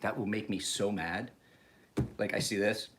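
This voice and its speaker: A man's voice: fairly low pitch, steady tone, unhurried, background noise. A man in his forties rambling casually to camera, swearing freely and chuckling as he tells stories. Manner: profane, chuckling, rambling storyteller. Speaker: knife sharpener vlogger.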